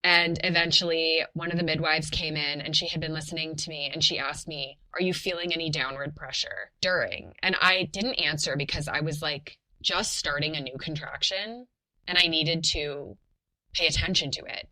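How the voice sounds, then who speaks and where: A young adult woman in a casual podcast interview, telling a personal story in a chatty, animated way with lots of fillers. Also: low-pitched, moderate pace, low-quality recording. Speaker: podcast guest telling her birth story.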